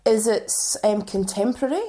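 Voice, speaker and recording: A woman's voice: mid-range voice, moderate pace, mellow. A woman co-hosting a casual podcast, chatting and reading lists from her notes with frequent ums. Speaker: podcast co-host.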